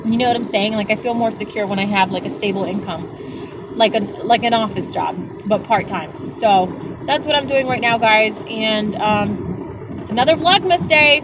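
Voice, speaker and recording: A young woman chatting casually to her vlog audience, telling stories in an animated, exasperated way. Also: on the high side, normal speed, background noise. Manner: animated storytelling, exasperated retelling. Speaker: vlogger.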